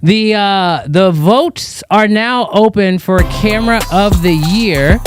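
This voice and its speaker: A man's voice: high-pitched, takes it slowly, smooth, dry recording, clean studio sound, faint music behind. A man hosting a casual livestream panel, teasing his guests and reading out chat messages. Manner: teasing, playful, hypes the chat. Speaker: livestream host.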